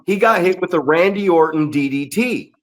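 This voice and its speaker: A man's voice: a little high, lively intonation, normal speed, slight background noise. A middle-aged man, a veteran wrestler who trains students, bluntly explaining with swearing in a casual podcast chat.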